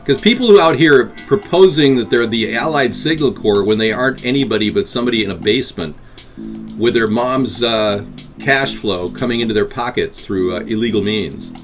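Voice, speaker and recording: A man's voice: medium pitch, moderate pace, faint music behind. A man hosting a live interactive talk stream, rambling and combative as he answers chat.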